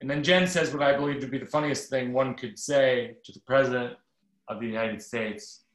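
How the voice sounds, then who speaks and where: A middle-aged man reading a funny personal story aloud from his book at a virtual event, with quick self-correcting asides. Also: medium pitch, fairly even intonation, a bit bright, reverberant.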